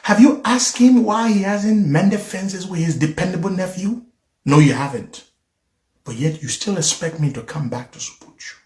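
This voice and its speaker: Man, emotional and pleading, pitched high, recorded in a roomy echo. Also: moderate pace, darkish tone. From Liberia. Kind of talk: impassioned monologue to followers.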